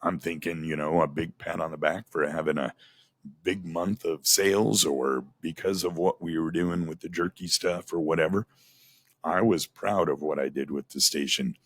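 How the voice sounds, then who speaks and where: A man's voice: low-pitched, steady tone, moderate pace, breathy edge, dry recording. A middle-aged man, a former radio host, telling a candid personal story in a plainspoken, aggrieved way. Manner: plainspoken, aggrieved, recounts dialogue in quotes.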